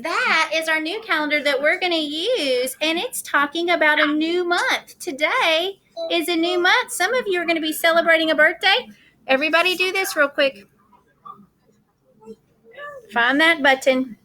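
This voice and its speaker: Leading an online class morning meeting, a kindergarten teacher stays cheerful and sing-song as she coaxes the little ones along over video call. She has a very high-pitched, expressive voice that sounds pushed and bright, at a moderate pace.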